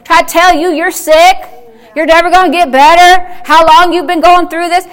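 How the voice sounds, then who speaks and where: A woman's voice: extremely high pitch, fairly even intonation, normal speed. A woman pastor preaching a fervent sermon and calling out to her congregation. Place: church service.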